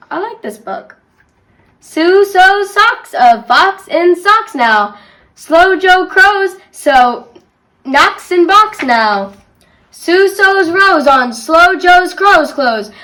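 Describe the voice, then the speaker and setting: A woman's voice: very high-pitched, bright, forceful tone, rough recording. A woman reading a children's rhyming book aloud as a guest reader, playfully joking about stumbling over the tongue twisters.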